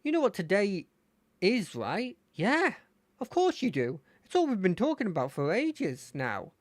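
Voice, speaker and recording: A streamer voicing an eager, excitable young male rival trainer from a fangame, speaking high and bubbly. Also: measured pace, no room sound. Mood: cheerful. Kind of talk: reading game dialogue aloud.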